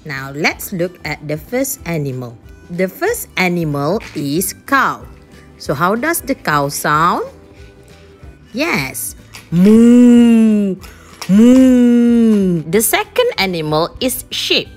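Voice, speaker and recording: Slow, patient Malaysian woman teacher. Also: on the low side, sing-song, pushed and bright, soft background music. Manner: slow, patient, repeats each instruction in two languages. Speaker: primary school teacher. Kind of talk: online lesson for young children, English with Malay translation.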